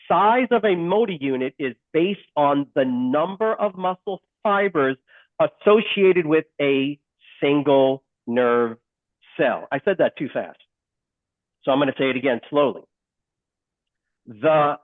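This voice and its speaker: A male instructor giving a live online lesson. He is animated, keeps questioning the class and repeats key points slowly. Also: on the high side, no echo. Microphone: video call. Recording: dry, phone-like call audio.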